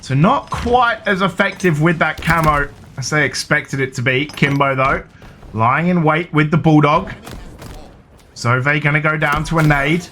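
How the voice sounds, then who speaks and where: A man with a southern English accent calling live esports play-by-play in a quick, excitable, jokey way. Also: on the high side, a little hiss or hum. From southern England.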